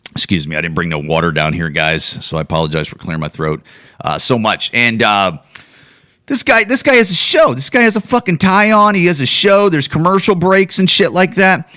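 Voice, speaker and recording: A man's voice: medium pitch, pushed and bright. A man hosting a solo podcast, ranting in heated, profane commentary full of restarts and repeated words. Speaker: podcast host.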